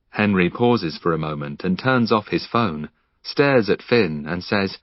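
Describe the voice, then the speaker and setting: A man narrates an audiobook, voicing its dialogue with feeling. His pitch rises and falls widely. The recording is dry and a little dull. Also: unhurried, dry recording. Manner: expressive, emotional character reading. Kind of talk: scripted narration with acted dialogue.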